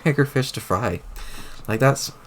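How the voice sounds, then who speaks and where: A man reading aloud as a wry, deadpan teenage girl adventurer who rambles. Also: medium pitch, unhurried, slight background noise, natural voice.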